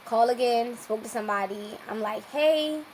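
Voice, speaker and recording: Young woman chatting away on a podcast, kinda high voice, bit of faint noise behind. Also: normal speed, low-quality recording. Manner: lively, acts out quoted dialogue. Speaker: podcast guest. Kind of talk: casual storytelling.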